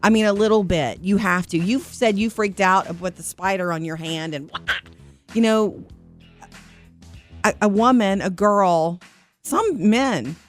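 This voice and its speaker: Co-host, woman, 40s; relaxed conversational read over a faint music bed. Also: medium pitch, unhurried. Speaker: radio show co-host. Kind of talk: casual chat.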